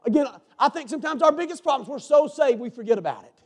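High-voiced preacher, hushed to shouting. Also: male voice, animated, fast. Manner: fervent, swings from hushed to shouting. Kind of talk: sermon.

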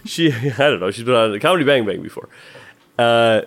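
A man co-hosting a comedy podcast, a bit hoarse, goofy and giggly, rambling as he talks. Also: mid-range voice, expressive, normal speed. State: slightly hoarse voice. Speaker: podcast co-host. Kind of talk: casual comedic banter.

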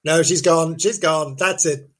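Man, host, comic storytelling, high-pitched voice, rambling, self-interrupting. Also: fairly even intonation, measured pace.

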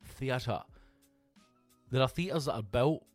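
A man's voice: fairly low pitch, fairly even intonation, normal speed, no room sound, faint music behind. A Scottish man, a comedian, chatting on his own podcast in a rambling, sweary way with lots of restarts. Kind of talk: casual solo podcast chat.

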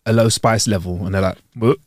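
A man with a lowish voice co-hosts a podcast in casual chat, talking fairly quickly in a clean, echo-free studio sound. He tells stories with animation, acting out the dialogue and laughing often.

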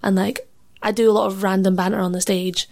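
Young woman musician as interview guest, creaky texture, chatty and laughing. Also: medium pitch, little pitch movement, a little fast, darkish tone. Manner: chatty, laughs often, says "like" a lot; acts out other people's lines in quoted voices. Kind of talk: casual interview chat.

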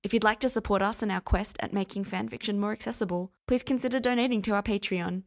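Soft-spoken woman narrating, gravelly fry. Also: mid-range voice, steady tone, fast. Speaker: podcast host and fanfiction reader. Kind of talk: reading fiction aloud.

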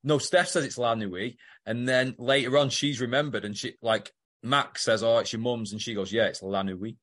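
A man's voice: medium pitch, fairly even intonation, moderate pace, fairly bright tone. A British man co-hosting a podcast in casual chat, dropping dry quips and wry corrections. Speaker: podcast co-host.

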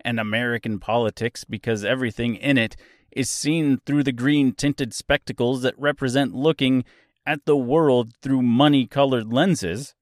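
Guy rambling about a book on his podcast, jokey and self-mocking, mid-pitched, dry close mic. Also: normal speed, dry recording. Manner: playful, self-deprecating, animated swings in pitch. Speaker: podcast host discussing a book. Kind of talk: casual commentary.

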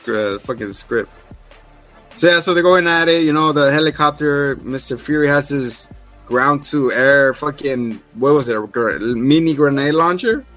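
A man hosting a casual podcast recap, laughing often and acting out scenes in quick voices. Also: medium pitch, fairly bright tone. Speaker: podcast host.

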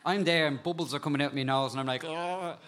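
A man with an animated way of telling stories, a guest talking casually about insects and spiders and laughing at times. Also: mid-range voice, rapid-fire. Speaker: guest, insect and frog expert. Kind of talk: casual storytelling chat.

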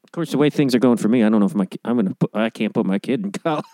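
A man's voice: lowish voice, rapid-fire, warm tone, no room sound. A middle-aged man in casual podcast chat, laid-back and self-deprecating, often laughing.

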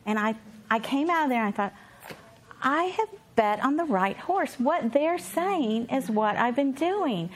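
A woman's voice: high voice, animated, measured pace, slight background noise. A woman in her fifties, an earnest and self-deprecating conference speaker and homeschooling mother who rambles with restarts and reads a book aloud. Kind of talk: conference talk and read-aloud. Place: conference session.

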